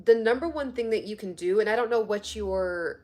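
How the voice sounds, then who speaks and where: A woman's voice: medium pitch, moderate pace, darkish tone. A woman hosting a live stream on health and fitness, chatting casually and reading viewer comments aloud. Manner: chatty, laughs often, reads comments aloud.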